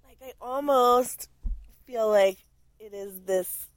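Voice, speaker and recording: A woman's voice: on the high side, takes it slowly, no room sound. A woman co-hosting a podcast in casual chat, playful and rambling with lots of fillers and laughter. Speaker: podcast co-host.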